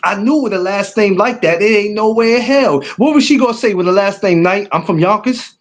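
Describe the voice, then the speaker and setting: A man's voice: high-pitched, a little fast. A man from New York with a New York accent, chatting casually as a guest and telling stories in loose street slang. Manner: laid-back street slang, storytelling with repeated asides. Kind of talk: casual chat.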